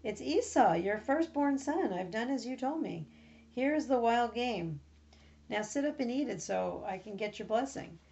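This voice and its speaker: A woman's voice: a little high, lively intonation, moderate pace, creaky, dark tone. A woman voicing a deceitful young man who is posing as his brother, speaking eagerly and insistently. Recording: slightly muffled recording.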